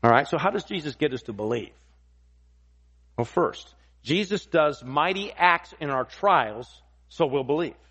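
A pastor preaching an expository sermon, emphatic and repeating key phrases for weight. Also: male voice, fairly high pitch, lively intonation, a little slow, a bit bright, slightly rough, lo-fi sound.

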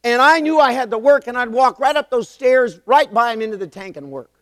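Older male pastor in his sixties, animated storyteller with a wide-ranging pitch, close dry mic. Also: fairly quick, no echo, big-room sound. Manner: animated storytelling, emphatic repetition. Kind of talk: sermon.

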